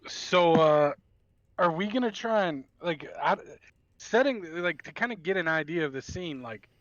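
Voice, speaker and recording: A man's voice: on the high side, lively intonation, moderate pace, fairly bright tone, no room sound. A thoughtful male player on dull voice chat. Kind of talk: tabletop game play.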